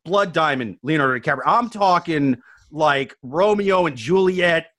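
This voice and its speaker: A man's voice: a little high, unhurried. A man co-hosting a casual comedy podcast, telling long rambling bits full of swearing and jokes. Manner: rambling, animated storytelling with swearing.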